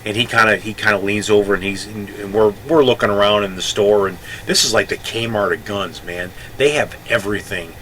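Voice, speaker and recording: A man's voice: on the low side, brisk, hardly any pauses, sharp tone, slight background noise, low-quality recording. A man in his sixties, a Navy veteran telling a rambling story casually, often correcting himself. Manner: rambling, self-correcting, chatty.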